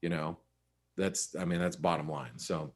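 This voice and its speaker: A man's voice: deep voice, steady tone, normal speed. A man giving a casual live webinar on currency charts, chatty and full of restarts. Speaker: forex market analyst.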